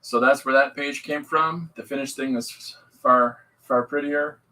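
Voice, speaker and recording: A man's voice: mid-range voice, steady tone, measured pace, sharp tone, low-quality recording. A man hosting a podcast livestream, rambling and upbeat as he greets viewers and talks about his comics. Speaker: podcast host and comic artist. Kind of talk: casual livestream chat.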